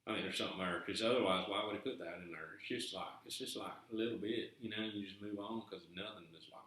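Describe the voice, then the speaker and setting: A man's voice: on the low side, steady tone, fast talker, hardly any pauses, a bit bright. A man hosting a treasure hunt video, musing in a chatty, folksy way with a put-on Southern American accent. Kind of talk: casual vlog commentary reading from a book. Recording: very echoey room.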